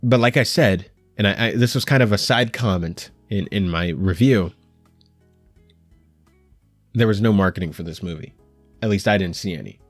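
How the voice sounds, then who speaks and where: A young man hosting an anime news show, talking in a rambling, animated way with frequent stammers and restarts. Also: on the low side, moderate pace, pauses often, dry recording, soft background music. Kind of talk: casual solo commentary. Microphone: headphones while recording at home.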